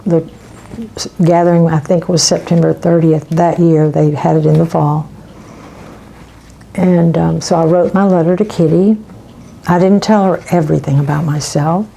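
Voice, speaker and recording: An older woman telling a personal story in an unhurried way, pausing often with ums. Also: sits low, fairly even intonation, creaky, mellow, a little hiss or hum, low-quality recording. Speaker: interviewee. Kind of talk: personal reminiscence.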